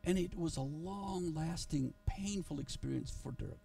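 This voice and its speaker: A male pastor telling a story in a sermon, earnest and halting, with frequent restarts, recorded in a church. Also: a little high, vocal fry, mellow, far from the mic, soft background music.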